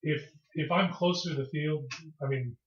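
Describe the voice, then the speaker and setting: A man's voice: a little high, moderate pace. A man playing a tabletop game, thinking aloud in a hesitant way with many restarts. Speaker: player. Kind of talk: casual tabletop play. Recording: echoey room, dull lo-fi sound.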